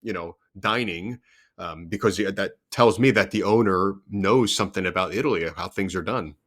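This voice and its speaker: Low-voiced man hosting emphatically. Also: normal speed, fairly bright tone. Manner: emphatic, argues by repeating questions. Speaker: podcast host. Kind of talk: casual interview chat.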